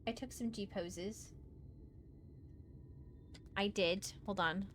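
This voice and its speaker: A woman streaming a video game, chatting casually, repeating herself and breaking into excited squeals. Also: mid-range voice, takes it slowly, slight background noise. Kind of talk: casual gameplay livestream chat.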